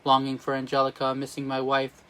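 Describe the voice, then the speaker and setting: A man reading aloud as a tempted young male statesman, in a flat, even sung-spoken delivery. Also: medium pitch, brisk, smooth, close to an everyday voice. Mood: confessing. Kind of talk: reading a musical script aloud.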